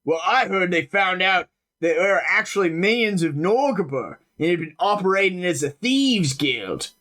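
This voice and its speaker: A man voicing a gossiping farmhand in a tabletop game who trades rumors bluntly and a little conspiratorially. The voice is lively, with a wide pitch range, and sits a touch higher than the narrator's usual. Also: normal speed. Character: gruff gossiping male farmhand.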